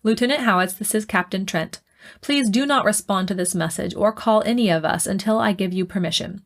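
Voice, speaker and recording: Woman doing a stubborn captain guy in an audiobook, calm and bossy. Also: mid-range voice, fairly quick, natural voice. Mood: firm. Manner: calm, commanding. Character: stubborn skeptical male starship captain.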